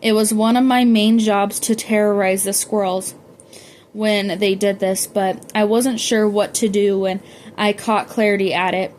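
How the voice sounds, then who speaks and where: A woman's voice: mid-range voice, steady tone, measured pace, darkish tone, slight background noise. A woman reading a novel aloud, often stumbling and correcting herself as she goes. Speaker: audiobook reader.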